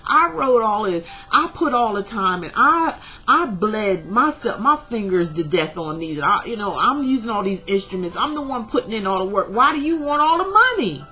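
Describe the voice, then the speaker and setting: A woman voicing the indignant spirit of a dead male musician, speaking high, loud and insistent. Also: big pitch swings, moderate pace, dull audio, soft background music.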